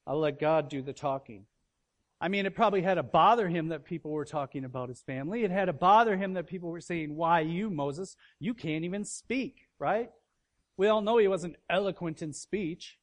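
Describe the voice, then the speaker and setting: A man preaching a sermon to his congregation, animated, with loud emphatic bursts and quiet asides, asking questions and acting out quoted voices. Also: fairly high pitch. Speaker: pastor.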